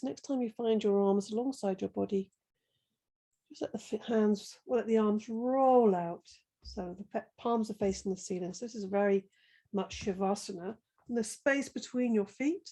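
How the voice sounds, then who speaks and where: A middle-aged woman guiding a slow floor-based yoga class, giving gentle, soothing breathing and movement cues with many pauses. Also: medium pitch, slightly rough, poor audio. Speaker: yoga teacher. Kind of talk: guided yoga class instruction.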